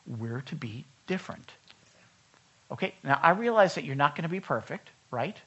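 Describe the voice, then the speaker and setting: A man's voice: fairly high pitch, animated, moderate pace, fairly bright tone, husky. Conversational male pastor, lo-fi church recording. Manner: conversational, quizzes the congregation. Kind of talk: sermon. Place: church service.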